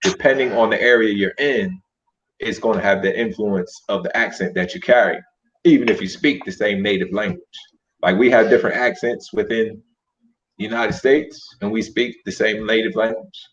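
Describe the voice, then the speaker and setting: A man's voice: fairly low pitch, fairly even intonation, normal speed, a little hiss or hum. A man in a casual online debate, laid-back, counting off his points one by one. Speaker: panelist in online discussion. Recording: dull lo-fi stream audio.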